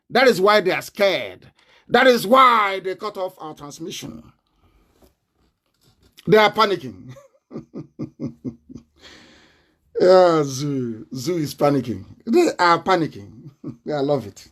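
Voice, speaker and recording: A man with a Nigerian accent giving a combative live online broadcast, laughing often and breaking into shouts. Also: sits high, animated, slow, long pauses.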